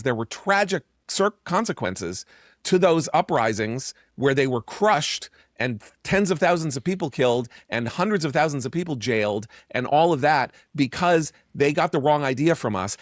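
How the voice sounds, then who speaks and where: A man's voice: a little high, expressive, normal speed, no echo, clean studio sound. A man speaking as a guest on a political panel, emphatic and exasperated as he makes his case. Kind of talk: TV panel discussion.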